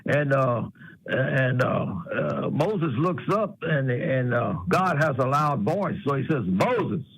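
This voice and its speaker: A man calling in to a talk show, telling a joke in a halting way with lots of fillers. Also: medium pitch, animated, vocal fry, fairly bright tone, low-quality recording. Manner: halting, storytelling with many fillers. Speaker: caller.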